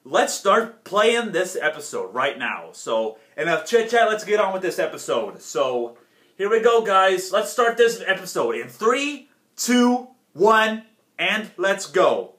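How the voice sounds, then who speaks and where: Casual reaction vlogger, a man with a high, lively voice who rambles slowly, recorded in an echoey room. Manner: rambling, halting, many restarts. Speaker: YouTuber reacting to a cartoon episode. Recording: roomy echo.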